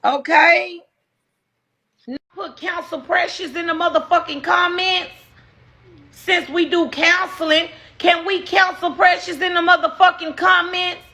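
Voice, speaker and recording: Woman livestreamer, high-pitched, bright sharp tone, slow drawn-out delivery, profane and heated. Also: steady tone. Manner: loud, profane and heated, addressing viewers. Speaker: livestream host. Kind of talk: casual livestream commentary.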